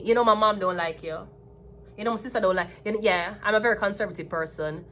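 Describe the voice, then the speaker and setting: A fast, mid-range voice with a fairly bright tone belongs to a Jamaican tarot reader in her thirties. She gives an animated, casual, emphatic reading and keeps repeating her points, over a little hiss or hum.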